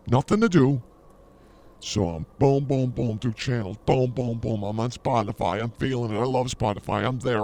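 A man's voice: mid-range voice, darkish tone. A man co-hosting a comedy podcast with boastful, mock-arrogant teasing banter. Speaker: podcast co-host.

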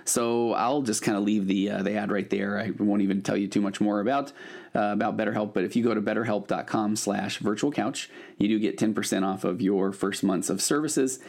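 A man's voice: on the low side, fairly even intonation, brisk, gravelly, a little mellow. A middle-aged man hosting a podcast as a therapist, talking casually with fillers and restarts. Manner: conversational, with frequent fillers and restarts. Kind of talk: casual podcast intro and ad read.

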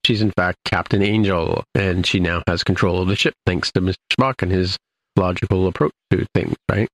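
A man talks through an episode recap in a loose, rambling way, like a podcast co-host chatting. His voice sits low, with a gravelly, creaky edge. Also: steady tone, normal speed, fairly bright tone, poor audio. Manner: rambling, loosely retelling scenes. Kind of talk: casual episode recap chat.

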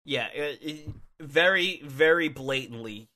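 Male podcast co-host, bright tone, rambling filler-heavy delivery. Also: fairly high pitch, measured pace. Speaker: podcast co-host reviewing wrestling matches. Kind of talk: casual chat.

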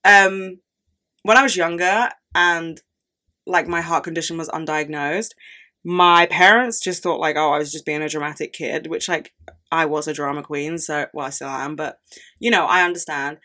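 Lower-voiced young woman ranting. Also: normal speed, bright, forceful tone. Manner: chatty, swears a lot, rants with dramatic outbursts. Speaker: podcast host. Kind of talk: casual solo podcast chat.

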